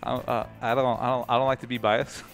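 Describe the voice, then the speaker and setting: A young man commentating a live video game tournament, excitable, laughing often and repeating himself, his voice tired and low. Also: brisk, gravelly. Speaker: esports commentator. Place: gaming tournament at a sports center. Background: music.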